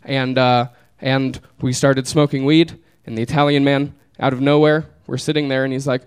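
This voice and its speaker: A man's voice: on the high side, normal speed, a little hiss or hum. A young man telling a funny story to a live audience, laid-back and laughing through it. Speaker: comedian telling a story on stage. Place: small live venue.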